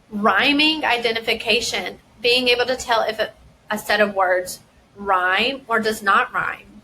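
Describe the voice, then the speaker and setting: A woman who works as a school dyslexia specialist, giving a careful explanation and deliberately sounding out words and their parts. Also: fairly high pitch, bright, forceful tone, a little hiss or hum, rough recording. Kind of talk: instructional explanation.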